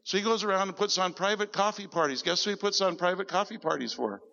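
A man preaching as pastor, telling stories in an animated sermon and quoting people in a lower voice. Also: fast, creaky, in a large hall, highs cut off. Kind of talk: sermon storytelling. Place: church service.

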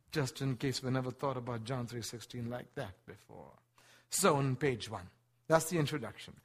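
Animated man preaching to a congregation. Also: a little high. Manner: animated preaching, acts out quoted voices, addresses the congregation directly. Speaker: pastor. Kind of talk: sermon.

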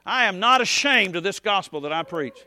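A man preaching a folksy, rambling sermon as pastor, dropping to soft asides and rising to shouts. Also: high-pitched, a little fast.

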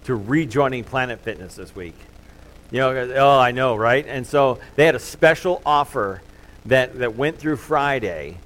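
A middle-aged male pastor delivering a sermon. He talks casually, with lots of ums and uhs, and pokes fun at himself as he goes. His voice sits at an ordinary, mid-range pitch for a man. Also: fairly bright tone, low-quality recording. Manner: conversational and self-deprecating, with many fillers.

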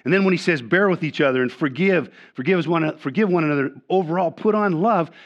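An older man preaching a sermon as pastor. He often repeats and restarts words, and he swings between loud, emphatic lines and quiet asides. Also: on the high side, fast. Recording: dull lo-fi sermon recording.

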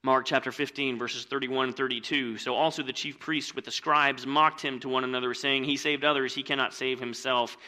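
A male pastor preaching a sermon and reading scripture, swinging from hushed, slow lines to loud, emphatic ones. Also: medium pitch, steady tone. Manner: dramatic, swings between hushed and loud, slows on key phrases.

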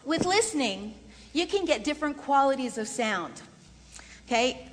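A woman leading a voice workshop for singers in a chatty, lively way with frequent laughter. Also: sits high, moderate pace. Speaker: vocal coach. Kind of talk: voice workshop lesson. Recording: long reverb in a large room.

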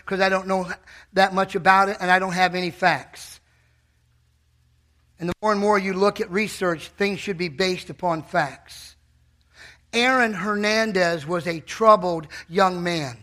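Fired-up preacher guy in church, high-ish voice, bright and punchy, yells out bits of the sermon. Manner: impassioned preaching with sudden loud shouted bursts.

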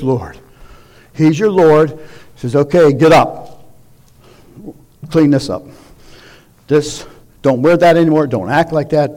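High-voiced man preaching a sermon. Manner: reads scripture then preaches with rising emphatic exhortation. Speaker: guest preacher. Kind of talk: sermon with scripture reading.

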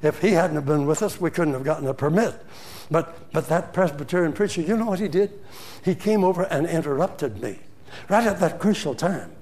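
An older man preaching a sermon, telling a story with animated swings from loud to hushed. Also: a little high, fairly quick.

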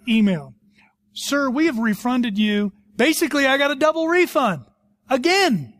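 A middle-aged man preaching a sermon as a pastor, telling stories with animation and dropping to a hush for serious points. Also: high voice, no echo. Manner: animated storytelling, swings between loud and hushed.

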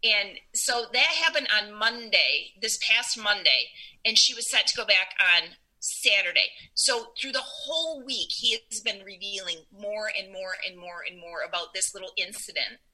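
A woman's voice: medium pitch, expressive, normal speed, sharp tone, poor audio. A woman casually recounting a personal faith story, often quoting what she and a friend said. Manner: chatty, quotes others' dialogue in her retelling. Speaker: storyteller sharing a faith testimony.

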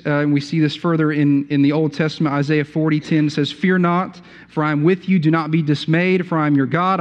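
A man preaching a sermon, earnest, often repeating words and rising in pitch for emphasis. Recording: dull sound with long hall reverb.

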